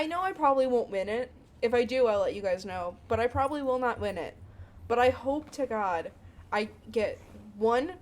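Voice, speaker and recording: Woman co-host, casual chat, giggly storyteller, slightly high voice. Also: a little hiss or hum. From Chicago area. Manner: giggly, animated storyteller who acts out coworkers' voices. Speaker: podcast co-host.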